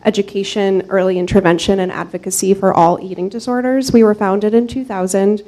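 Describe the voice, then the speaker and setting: A soft-spoken woman, a clinical psychology fellow, giving prepared remarks at a city meeting, with small fillers. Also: mid-range voice, steady tone, fairly quick, rough recording. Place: city commission chamber.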